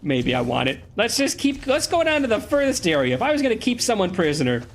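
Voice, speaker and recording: A man's voice: high-pitched, fast talker, a little hiss or hum. A man giving casual, playful commentary while playing a video game, a little under the weather. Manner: playful, chatty, excitable. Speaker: let's play host.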